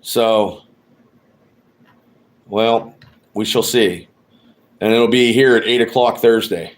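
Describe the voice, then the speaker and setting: A man's voice: on the low side, slow pace. A man hosting a casual live sports podcast, rambling and swearing as he trash-talks rival fans. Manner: rambling, profane, trash-talking. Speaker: podcast host. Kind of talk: casual live-stream chat.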